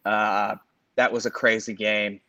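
A man's voice: lowish voice, flat delivery, unhurried, pushed and bright, dry recording. Man, forties, casual sports talk, rambling, self-correcting, dull dry lo-fi sound. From Los Angeles area. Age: 40s. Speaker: podcast co-host.

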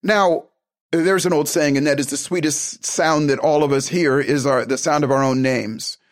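A man giving a motivational self-help talk, emphatic and animated, acting out little conversations as he goes. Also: a little high, moderate pace.

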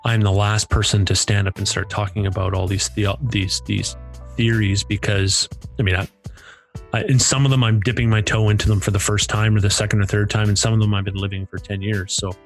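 A man co-hosting a podcast in relaxed, casual chat, agreeing often. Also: on the low side, brisk, soft background music. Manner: relaxed, agreeable, lots of "yeah" and "that's right". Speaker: podcast co-host.

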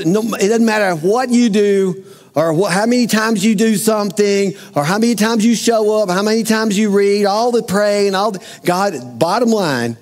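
A male pastor with a fairly high voice delivers a sermon in a church. He talks conversationally and keeps turning to his listeners with direct questions. Long reverb trails his words through the hall. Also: darkish tone. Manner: conversational, asks the congregation questions.

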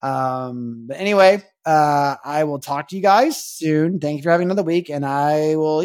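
A man hosting a podcast, talking in a rambling, halting way with many restarts and earnest, faith-minded reflection. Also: fairly high pitch, no echo, clean studio sound. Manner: rambling, halting, repeats words, keeps asking "you know what I mean". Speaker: podcast host. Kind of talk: casual confessional monologue.

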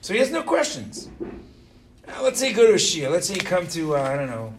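Middle-aged man, religious class teacher, lively swooping voice, slightly high, quizzes students, faint background noise. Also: fairly quick. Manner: animated, asks the class questions, keeps adding "right?". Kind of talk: informal religious lesson to students.

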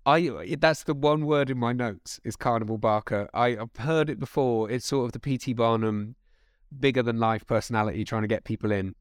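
A man co-hosting an investment podcast in casual chat, lively and quick, often restarting his sentences. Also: medium pitch, smooth, no room sound, studio quality. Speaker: podcast co-host.

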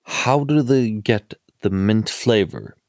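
A man with a very low voice playing a tabletop game, asking goofy questions in a deadpan way. He is recorded close in a dry room. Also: slow, no room sound. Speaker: player. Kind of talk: in-character tabletop play.

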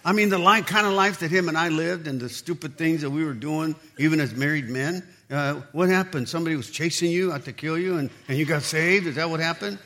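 Pastor, man, high voice, energetic storyteller who plays out the dialogue in his sermon. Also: fairly quick, few pauses. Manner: animated storytelling, acts out quoted dialogue.

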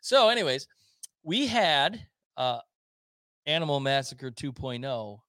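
A man's voice: medium pitch, big pitch swings, takes it slowly, sharp tone, no echo. A man co-hosting a casual podcast, telling rambling stories full of fillers and restarts. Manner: rambling storyteller, many fillers and restarts, laughs often. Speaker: podcast co-host. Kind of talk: casual chat.

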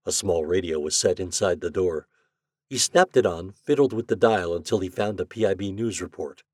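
Husky-voiced man reading a story. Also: deep voice, normal speed, dry recording, clean studio sound. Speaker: podcast host and narrator. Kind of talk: audiobook story narration.

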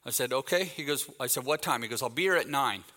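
A man's voice: medium pitch, fast talker, in a large hall. A man in his fifties, raised in Texas, giving a sermon as a guest speaker, telling stories and acting out the dialogue in them. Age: 50s. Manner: animated anecdotal storytelling, acts out quoted dialogue. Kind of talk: sermon with storytelling.

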